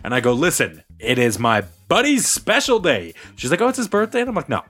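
A man's voice: medium pitch, huge pitch swings, a little fast, a bit bright, slightly rough. A man co-hosting a podcast, telling a story in casual chat and laughing often. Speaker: podcast co-host.

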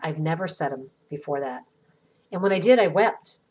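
A middle-aged woman hosts an inspirational podcast and reads a scripted reflection in a gentle, earnest way, with slow pauses. Her voice is husky and sits fairly low for a woman. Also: animated. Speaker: podcast host.

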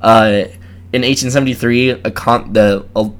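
A man's voice: medium pitch, fairly even intonation, moderate pace. A man co-hosting a casual podcast, telling a history topic in a rambling way with many fillers and laughs. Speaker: podcast co-host.

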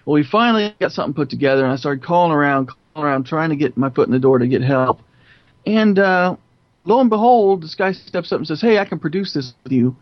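A man telling stories in an interview, animated and profane, often laughing. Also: a little high, fast, no echo, dull audio. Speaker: filmmaker guest. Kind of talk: storytelling interview.

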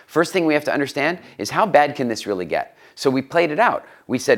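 A man's voice: a little high, sing-song, brisk, hardly any pauses. A middle-aged man, a guest telling stories in an interview and often repeating words while he searches for the next thought. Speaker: guest, studio owner. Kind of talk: conversational interview storytelling.

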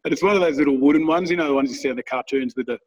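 Give me a rambling, husky man telling stories. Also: mid-range voice, very fast, recorded from a distance, muffled recording. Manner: rambling, swears freely, laughs at own stories. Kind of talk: casual storytelling chat.

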